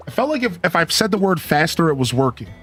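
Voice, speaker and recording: A man's voice: fairly high pitch, sing-song, quick pace, fairly bright tone, soft background music. A man streaming a video game in casual chat, rambling and repeating a single word as he tests something. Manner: chatty, trails off, repeats a word over and over.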